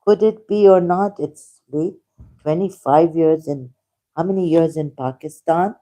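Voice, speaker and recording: A man hosting a rambling livestream monologue, emphatic and indignant, halting often with fillers. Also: on the high side, warm tone. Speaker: channel host.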